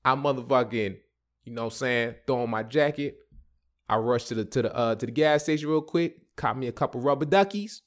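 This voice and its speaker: A man hosting a podcast and telling a comedic story in an animated, slangy way, often breaking into silly sound effects. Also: medium pitch, brisk. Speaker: podcast host.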